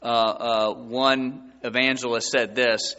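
A man preaching a sermon as a pastor, his voice surging high and loud for emphasis. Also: flat delivery, takes it slowly. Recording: dull sound with long hall reverb.

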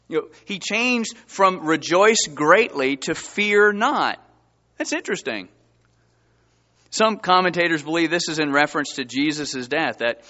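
A pastor delivering a sermon in a lively, emphatic way, often jumping up in pitch as he reads scripture aloud. His voice is bright and slightly higher than usual. The recording is a little dull and lo-fi. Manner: animated preaching, rising emphatic pitch and reading scripture aloud.

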